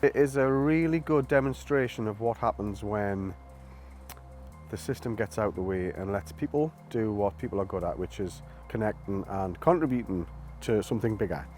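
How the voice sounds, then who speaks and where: Low-voiced, reflective man. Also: normal speed, a little mellow. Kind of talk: documentary interview. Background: music.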